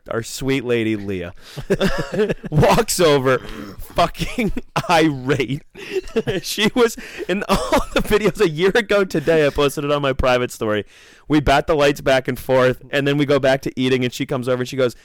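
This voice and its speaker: A man's voice: a little high, expressive, moderate pace, no room sound. A young man casually telling a story on a podcast, laughing often and swearing constantly.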